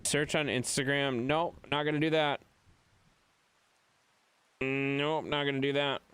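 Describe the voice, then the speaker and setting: A man's voice: medium pitch, level tone, a little slow, a bit bright, clear, resonant tone. A man from Wisconsin with a Wisconsin accent, streaming a game and bantering with his chat in a playful, mock-exasperated way.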